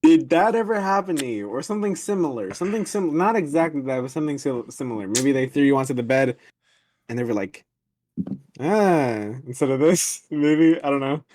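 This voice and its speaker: A man's voice: fairly high pitch, brisk, no echo. A young man co-hosting a podcast, telling stories in a casual chat with frequent laughter. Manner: animated storytelling, laughs often. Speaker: podcast co-host.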